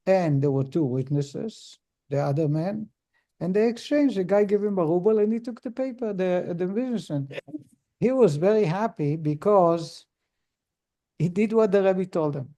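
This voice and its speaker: A rabbi teaching a Torah lesson tells a story, acting out its characters with frequent restarts and filler words. His male voice is mellow, high, and expressive, at a moderate pace.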